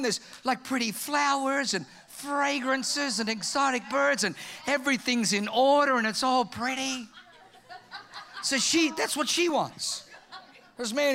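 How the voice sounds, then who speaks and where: A man preaching a humorous sermon, telling stories in an animated way and bursting into shouts. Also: extremely high pitch, vocal fry, a little hiss or hum. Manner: animated storytelling, acts out quoted voices, bursts into shouts.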